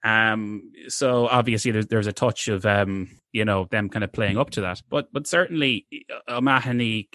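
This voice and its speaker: Rambling man, low dry voice. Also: normal speed, hardly any pauses, a bit bright, no echo. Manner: rambling, digressive storyteller with many fillers and restarts. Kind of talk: casual history chat.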